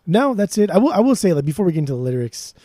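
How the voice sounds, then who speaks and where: A man's voice: high-pitched, very animated, rapid-fire, dark tone, no echo, clean studio sound. A man co-hosting a podcast, chatting casually and enthusiastically about music, rambling and swearing freely. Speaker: podcast co-host.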